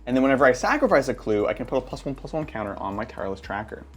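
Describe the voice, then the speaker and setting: A man chats at a card game table with a lively, swooping voice. He explains his cards in a playful way and laughs often. Faint music plays behind him. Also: mid-range voice, rapid-fire. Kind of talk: casual game-table chat.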